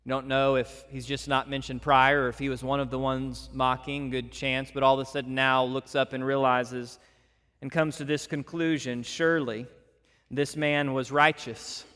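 A man preaching a sermon as a pastor to his church, swinging between loud emphatic passages and soft hushed ones. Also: medium pitch, little pitch movement, moderate pace, clean tone, big-room sound.

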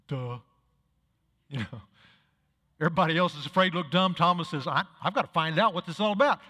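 A man's voice: fairly high pitch, normal speed, pauses often, bright, forceful tone, long reverb tail. A male pastor preaching a sermon, telling stories and acting out the dialogue, building to emphatic peaks. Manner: storytelling, acts out dialogue, rises to emphatic peaks.

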